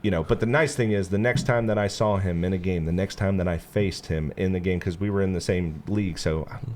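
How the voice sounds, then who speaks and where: A man in a casual sit-down chat, talking in a lowish register. He tells a story at an easy pace, full of fillers, and jumps into the quoted lines. A faint noise sits behind his voice. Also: fairly quick. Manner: animated storyteller, acts out quotes in bursts; relaxed, lots of "you know" fillers. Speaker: podcast host.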